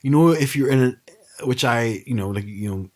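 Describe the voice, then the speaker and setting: A man in his thirties co-hosting a podcast, talking in a relaxed, hesitant way full of fillers. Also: medium pitch, fairly quick. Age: 30s. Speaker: podcast co-host. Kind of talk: casual chat.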